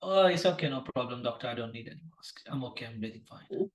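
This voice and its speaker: A man's voice: mid-range voice, expressive, fast talker, natural voice, poor audio. A man role-playing an adult male patient who is agitated and keeps insisting that he go home.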